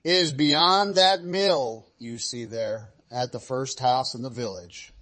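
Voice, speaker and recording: A man's voice: medium pitch, slow pace, bright, forceful tone. Man putting on an innocent little country girl, storybook, trusting, lilting, raised voice.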